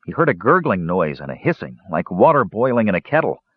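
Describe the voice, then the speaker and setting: A man's voice: sing-song, a little fast, husky, no room sound, exaggerated voice. A man playing a glum, groaning big brother. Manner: glum, groaning, low-voiced. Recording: dull lo-fi recording.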